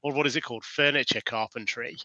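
A British man in his thirties, a podcast guest, chatting casually over a video call and often pausing with fillers and restarts. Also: mid-range voice, fairly even intonation, bright, forceful tone, no room sound, dull audio. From England. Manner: hesitant, many fillers and restarts. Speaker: podcast guest, sales director. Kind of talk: casual interview chat.

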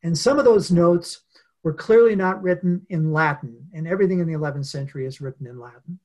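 A man being interviewed as a guest author, telling a story in an earnest, unhurried way with many pauses. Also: fairly high pitch, a little mellow. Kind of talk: reflective storytelling in conversation.

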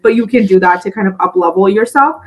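A woman's voice: medium pitch, fast, lo-fi sound. A woman who founded a recruiting company, speaking as a podcast guest in a fluent, advisory way that is full of "you know" and "right?". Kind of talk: casual interview chat.

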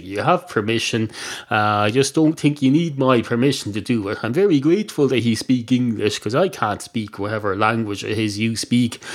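Irish male podcast host, deadpan, meandering solo comedy bit, average pitch. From Ireland. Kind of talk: rambling comic monologue.

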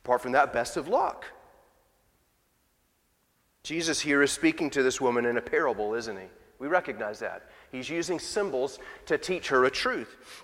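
A man's voice: mid-range voice, animated, normal speed, fairly bright tone, big-room sound. A man preaching a sermon in a church, talking conversationally and asking the congregation rhetorical questions. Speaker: pastor. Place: church sanctuary.

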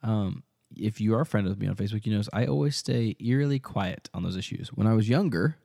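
Talking fast in a fairly low, creaky, warm voice, a Midwestern man co-hosts a podcast. His casual chat rambles and is full of hesitations and ums. The audio is clean studio sound without echo.

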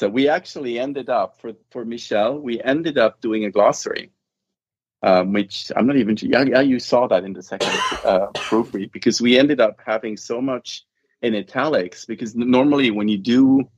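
A low-pitched man speaks as an author in a casual interview. He rambles, restarting phrases as he goes. The recording is muffled and dry, with a narrow lo-fi tone. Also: slightly rough, dry recording. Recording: dull, dry lo-fi sound.

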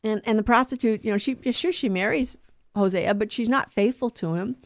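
A woman's voice: on the high side, a little fast, no echo. Woman explaining scripture, dry close sound. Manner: explanatory, digressive, self-correcting. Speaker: podcast co-host teaching scripture. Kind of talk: casual catechetical chat.

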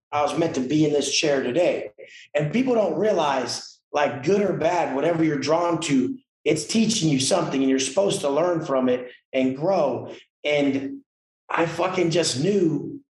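Cursing guy telling his story on a podcast, kinda high voice, echoey room. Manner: profane, emphatic and blunt. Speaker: podcast guest. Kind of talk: casual interview storytelling.

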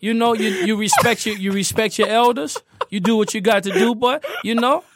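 A man's voice: high-pitched, expressive, a little fast, a little hiss or hum, pitched above the performer's own voice. A man imitating his hearty male cousin from New Orleans giving affectionate advice and calling him "boy.". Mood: encouraging. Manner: affectionate, drawling, repeats "boy".

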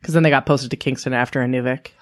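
A woman's voice: extremely low pitch, fairly even intonation, very fast. Chatty woman telling stories. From Canada. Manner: rambling storyteller, lots of "like". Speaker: podcast co-host. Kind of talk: casual chat.

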